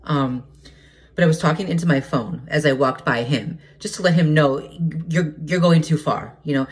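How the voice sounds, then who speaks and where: A man's voice: fairly high pitch, normal speed. A man talking to camera in a casual monologue, agitated and hesitant, stumbling over restarts and repeated words and swearing heatedly. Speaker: vlogger.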